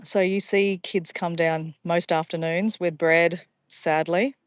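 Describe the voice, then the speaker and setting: A woman's voice: on the low side, fairly even intonation, slow pace, smooth, dry recording. An Australian woman chatting casually to livestream viewers outdoors by a pond, easily sidetracked and calling her viewers guys. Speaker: livestream vlogger.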